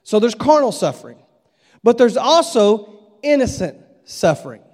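A man's voice: extremely high pitch, very animated, normal speed, a little mellow. A middle-aged man preaching a conversational, storytelling sermon at a revival. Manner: folksy, conversational, acts out voices in his stories. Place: church sanctuary. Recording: long echo of a church hall.

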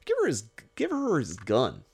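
Male podcast host, mid pitch, very lively swooping delivery, swears a lot, jokey. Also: moderate pace, vocal fry, slightly rough. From Los Angeles area. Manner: animated, profane, jokey, acts out characters. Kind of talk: casual podcast movie chat.

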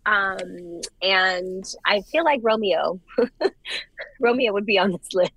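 Animated young woman co-hosting a chat. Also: mid-range voice, slow, breathy edge, dry recording, poor audio. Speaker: podcast co-host. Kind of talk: casual chat.

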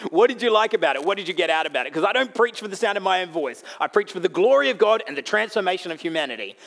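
A man with an Australian accent preaching a sermon as pastor, blunt and jokey, swinging between loud bursts and quiet asides. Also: high voice, animated, quick pace, creaky.

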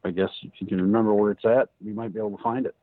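A man's voice: fairly low pitch, fairly even intonation, rapid-fire, no room sound. A man co-hosting a podcast in casual chat and giving friendly advice, heard over a phone-like line. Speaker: podcast co-host.

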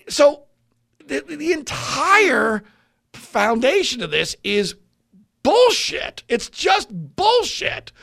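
A man's voice: fairly high pitch, vocal fry, sharp tone, no room sound, studio quality. A man giving an indignant opinion commentary monologue, mocking other voices and often restarting his sentences.

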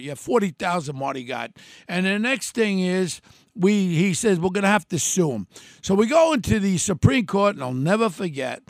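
An older man with a gravelly New voice tells his story bluntly, his pitch high and swinging up and down. The sound is dry and close, with no room around it. He keeps slipping into the voices of the people he quotes. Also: very animated, normal speed, dry recording. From New York City. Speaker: former mayoral candidate telling a story. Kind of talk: animated storytelling monologue.

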